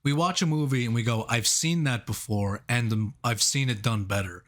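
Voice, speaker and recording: A man's voice: medium pitch, moderate pace, a bit bright. A man co-hosting a casual movie review podcast, laughing often and rambling through his points with restarts. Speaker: podcast co-host.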